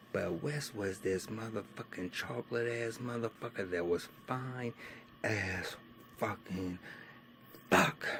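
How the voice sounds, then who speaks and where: A man with a fairly low voice tells his own life story as a loose, profanity-filled monologue. He drops to a near-whisper for some asides and bursts out loudly for others, with faint noise behind him. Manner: animated and profane, swinging from hushed asides to loud outbursts.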